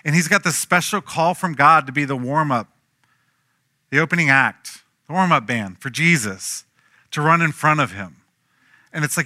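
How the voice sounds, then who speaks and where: A man preaching a sermon, telling stories with lively acted-out voices and swinging from hushed to loud. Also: a little high, normal speed, dry recording, clean studio sound. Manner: animated storytelling, acting out quoted voices, swinging from hushed to loud. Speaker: pastor.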